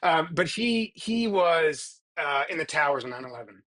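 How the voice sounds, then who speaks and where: A man's voice: fairly high pitch, lively intonation, moderate pace, fairly bright tone. A middle-aged man speaking earnestly as a guest on a casual podcast interview, often restarting his sentences. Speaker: guest, performance psychologist.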